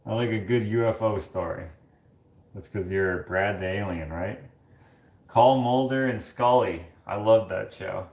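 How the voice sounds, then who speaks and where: Low-voiced man rambling in an echoey room. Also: measured pace, darkish tone. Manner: rambling, chatty storytelling with many fillers. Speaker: livestream host reading chat. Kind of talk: casual chat.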